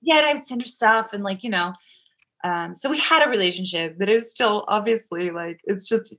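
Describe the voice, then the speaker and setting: A woman guest telling a personal story in casual conversation, swinging between loud excitement and hushed, quiet tones. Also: medium pitch, brisk.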